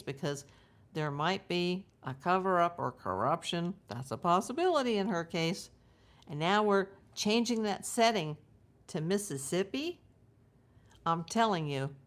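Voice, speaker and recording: A woman from the United States hosting a true crime livestream, chatting casually and drifting into side stories as she talks to her viewers. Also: mid-range voice. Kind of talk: live casual commentary.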